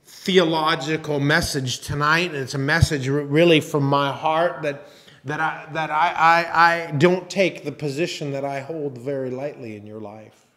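A man delivers a sermon as a church pastor. His voice sits slightly high for a man, and he talks in a conversational, halting way, restarting phrases and dropping in teasing asides. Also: fairly bright tone. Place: church sanctuary.

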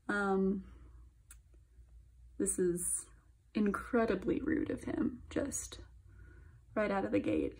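A young woman chatting through an album unboxing, gushing and chatty, sometimes dropping into soft whispers. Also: fairly high pitch, breathy edge. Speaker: K-pop album reviewer. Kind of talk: casual unboxing commentary.

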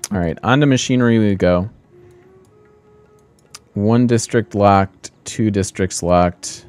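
Casting: deep-voiced male let's-play host, chatty and self-mocking, soft music under him. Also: takes it slowly, clear, resonant tone. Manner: thinking aloud, self-mocking, laughs often. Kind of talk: casual gameplay commentary.

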